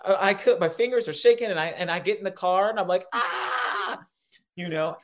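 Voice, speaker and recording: A man, a pastor and interview guest, telling a personal story in an excitable way, often laughing and repeating himself. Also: sits high, fast talker.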